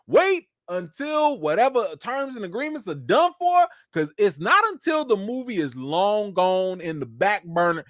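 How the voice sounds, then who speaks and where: Male host, lively swooping delivery, dry close sound. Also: sits high, dry recording. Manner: animated, talks straight to viewers, acts out quotes. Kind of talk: live chat commentary.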